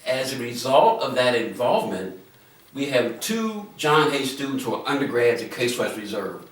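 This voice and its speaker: A man's voice: mid-range voice, big pitch swings, moderate pace. Older man telling stories in an echoey room. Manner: earnest, anecdotal, explains at length. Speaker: medical school dean and physician. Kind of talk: interview storytelling. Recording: echoey room, distant mic, faint noise.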